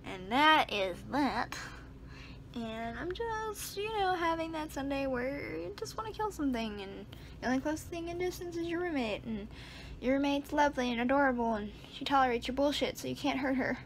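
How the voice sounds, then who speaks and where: A woman's voice: high-pitched, expressive, moderate pace, slight background noise. A young woman, a college student, rambling through an exasperated casual vlog at home and swearing freely. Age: young adult. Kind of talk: casual chat.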